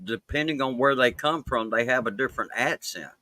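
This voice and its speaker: A man from Mississippi with a Southern accent, talking as a guest on a casual live-stream interview, halting and full of fillers. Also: medium pitch, bright, forceful tone, dry recording, rough recording. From Mississippi, USA. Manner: halting, many fillers and restarts. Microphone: close mic.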